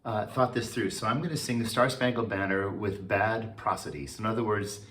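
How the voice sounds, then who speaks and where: A man, a choral conductor, giving a relaxed and chatty talk, with many fillers and restarts. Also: fairly low pitch, brisk. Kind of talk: informal talk.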